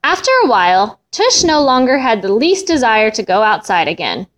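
A woman reading a children's story aloud with an expressive, melodic delivery. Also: fairly high pitch, moderate pace. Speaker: storybook reader.

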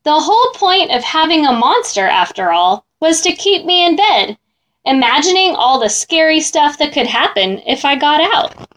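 Animated woman reading a children's story. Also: sits high, normal speed. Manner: expressive, animated.

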